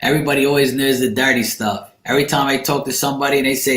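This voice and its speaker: A man's voice: medium pitch, flat delivery, rapid-fire, fairly bright tone, roomy sound. A man from Bermuda with a Bermudian accent, rambling in slangy, profane casual chat as he hosts a livestream. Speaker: livestream host.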